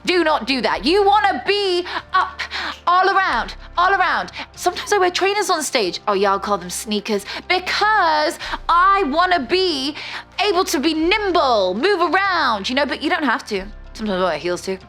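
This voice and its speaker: A woman giving public-speaking tips straight to camera, emphatic and coaching, swinging from soft near-whispers to loud upbeat bursts. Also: high voice, sing-song, moderate pace, soft background music. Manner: emphatic, coaching, addresses viewer directly. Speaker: motivational speaker. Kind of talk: direct-to-camera coaching talk.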